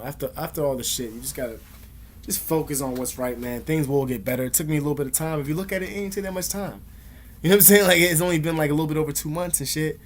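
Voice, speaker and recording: A young man vlogs straight to camera in a rapid, agitated ramble. He swears constantly and piles up fillers as he talks, with his pitch sitting in a middle range. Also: slight background noise. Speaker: vlogger. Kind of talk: casual storytelling to camera.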